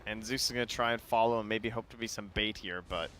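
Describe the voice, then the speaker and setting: A man with a bright, forceful voice breaks down a live esports match. He reasons aloud about picks and item choices, weighing options with small hedges. A faint noise sits underneath. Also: on the low side, fairly even intonation, fast talker. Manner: analytical, thinks aloud with hedges. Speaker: esports analyst commentator. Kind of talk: analytical game commentary.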